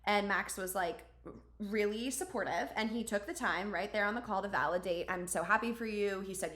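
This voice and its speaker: A woman podcast host talking casually, her speech full of filler words. Her voice sits at an ordinary middle pitch, and it carries a noticeable room echo. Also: moderate pace, fairly bright tone. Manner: chatty, many fillers like "like" and "um". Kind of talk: casual conversational storytelling.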